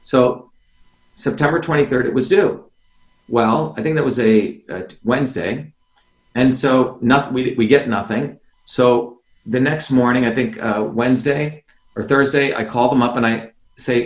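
A man's voice: mid-range voice, moderate pace. Insistent man on a roomy video call. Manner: insistent, keeps addressing the host by name, asks rhetorical questions. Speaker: interview guest, former candidate. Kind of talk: animated explanation on a video call.

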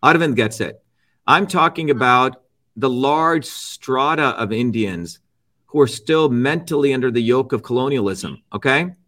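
A man's voice: mid-range voice, expressive, measured pace, fairly bright tone. A middle-aged man as an interview guest, lecturing emphatically, repeating his key phrases and checking in with "okay?" and "right?". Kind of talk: argumentative interview talk.

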